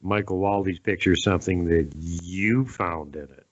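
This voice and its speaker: A man's voice: deep voice, a little slow, no echo, lo-fi sound. A male radio host who cuts in to steer his guest back to a detail of the story. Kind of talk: casual interview.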